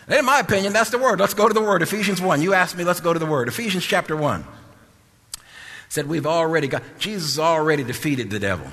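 A male preacher, preaching a sermon in a shouting, sing-song style with bursts of laughter. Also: on the high side, long reverb tail.

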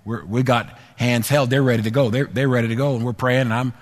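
A male pastor with a medium-pitched voice preaches fast with fairly even intonation, first telling a personal story conversationally. He then repeats phrases and builds to emphatic exhortation, all within long hall reverb.

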